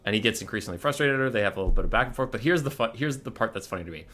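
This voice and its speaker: A man streaming and casually retelling a story to his chat, animated, exasperated and swearing freely. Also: lowish voice, racing, soft background music.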